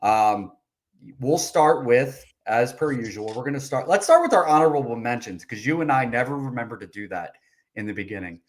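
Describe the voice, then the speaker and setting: A man's voice: mid-range voice, expressive, moderate pace. A man co-hosting a podcast over a video call, talking in a level, matter-of-fact way and pushing back on his partner. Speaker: podcast co-host. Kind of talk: casual sports chat.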